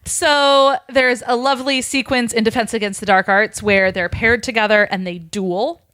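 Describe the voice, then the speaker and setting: A woman's voice: a little high, steady tone, moderate pace, fairly bright tone, dry recording, studio quality. A woman podcast host retelling a story in a rambling, casual way with many fillers.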